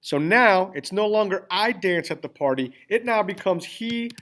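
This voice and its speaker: A man's voice: high voice, lively intonation, moderate pace, fairly bright tone. A man teaching a class, explaining grammar step by step, spelling out endings and checking in often with the students. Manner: repeats "all right?" and checks in with students. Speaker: Spanish teacher. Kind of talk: classroom lesson with screen typing.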